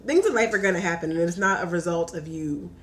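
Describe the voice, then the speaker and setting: A young woman tells a story in easy, casual talk. Her voice sits a little low for a woman. She keeps it lively and fills it with "like", slipping into the voices of her own quotes. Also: fast talker, a little hiss or hum. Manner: animated, says "like" a lot, acts out her own quotes. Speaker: podcast guest.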